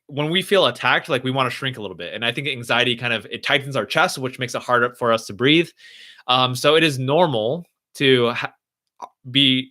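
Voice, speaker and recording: On a live stream, a mid-range-voiced young man takes questions from viewers. His tone is soft and comforting, and he reasons out loud as he responds.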